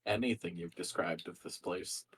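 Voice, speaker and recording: A man's voice: low voice, normal speed, a bit bright, breathy edge. A man playing a tabletop game, chatting bluntly and swearing casually. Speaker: player.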